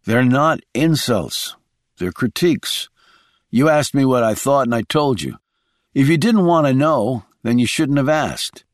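Give me a blunt male operative, as a narrator plays him, cool and clipped, lively pitch. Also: unhurried, dry recording, clean studio sound, close to an everyday voice.

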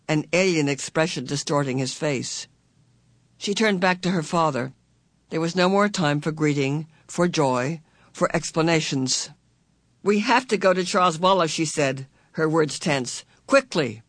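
Measured audiobook narrator, dry sound. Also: medium pitch, no echo. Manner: measured, expressive storytelling. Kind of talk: scripted narration.

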